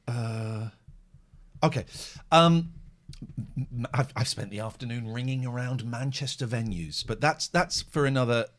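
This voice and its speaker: A man hosting a live phone-in stream, rambling and joking as he reads out chat messages. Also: on the high side. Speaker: host.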